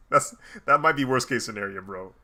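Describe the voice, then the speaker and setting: A man's voice: mid-range voice, pushed and bright. A man talking casually while he draws, rambling and laughing often. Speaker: artist streaming while drawing. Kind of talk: casual commentary while drawing.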